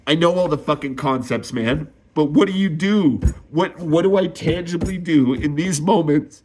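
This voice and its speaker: A faint hiss or hum sits under this young male vlogger's slightly high, slightly mellow voice, which moves at a moderate pace. He speaks a raw confession, swearing and sighing repeatedly, his voice swelling when he gets upset.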